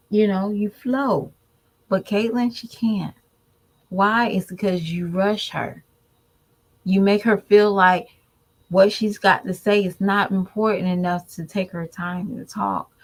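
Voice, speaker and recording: A woman's voice: mid-range voice, measured pace, poor audio. A woman giving candid, preachy commentary to her viewers in a casual vlog. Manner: candid, preachy, animated mimicry. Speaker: vlogger.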